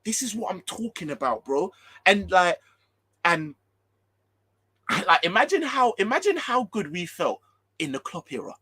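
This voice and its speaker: A man's voice: fairly high pitch, breathy edge, no room sound. A man, ranting heatedly about football as a fan channel host, swearing and repeating himself. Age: 30s. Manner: animated, swearing, repetitive, ranting.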